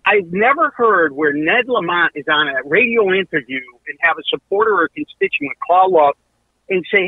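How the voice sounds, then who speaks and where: A man's voice: high-pitched, big pitch swings, normal speed, breathy edge, no echo. A man calling a talk radio show, ranting sarcastically about other callers. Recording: tinny phone line.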